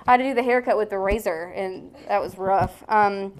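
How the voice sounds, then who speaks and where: A woman's voice: medium pitch, normal speed. Young woman, candid testimony, blunt and frank, casual swearing, lots of "um". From American South. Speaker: speaker sharing recovery story.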